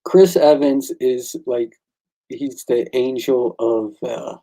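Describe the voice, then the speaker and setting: A man chats casually about his own comic work and tells stories with enthusiasm, acting out the exchanges he describes. His voice is mellow and a little husky, at a middle pitch. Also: slow, poor audio. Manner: excitable storyteller, acts out quoted exchanges. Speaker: comic book creator and artist. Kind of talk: casual chat.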